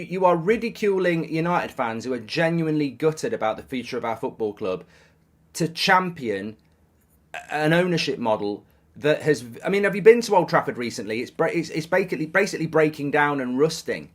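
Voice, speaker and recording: A man's voice: fairly high pitch, animated, moderate pace. Exasperated, sarcastic man ranting. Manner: exasperated, sarcastic, repeats words when worked up. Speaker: football fan commentator. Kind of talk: ranting opinion monologue.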